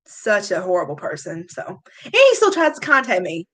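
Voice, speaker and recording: A woman's voice: lowish voice, huge pitch swings, moderate pace, fairly bright tone. A woman, confiding in casual chat, emotional, sighing often. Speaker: beauty vlogger. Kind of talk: casual chat reading live comments.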